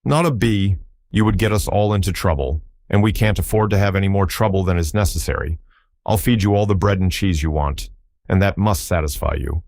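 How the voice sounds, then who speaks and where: A man's voice: low-pitched, brisk, creaky, darkish tone, no echo, clean studio sound. A man voicing an earnest, polite young boy in a storybook reading. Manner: earnest, pleading.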